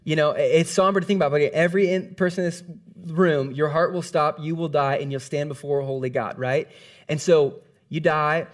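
Male preacher with a slightly high voice and a casual, conversational sermon delivery. He retells scenes with lively energy, and his pitch moves freely as he talks. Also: a little fast.

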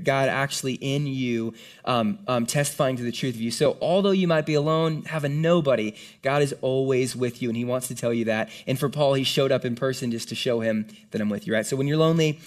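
A man preaching a sermon to a congregation in a room, speaking in an animated, conversational way with casual slang. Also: mid-range voice. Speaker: pastor.

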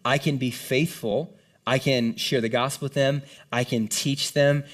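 A man's voice: mid-range voice, steady tone, unhurried. A man preaching a conversational sermon to a congregation, earnest and casual, often checking in with "right?". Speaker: pastor. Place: room with a live congregation.

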